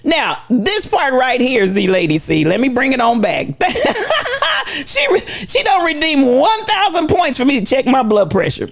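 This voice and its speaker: A woman hosting a livestream, giving an impassioned, preachy rant to her viewers. She swings between shouts and low asides. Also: sing-song, moderate pace. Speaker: livestream host.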